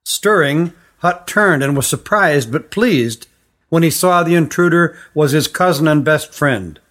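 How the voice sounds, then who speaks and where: Brief: male storyteller, fairly high voice, steady measured reading. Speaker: narrator.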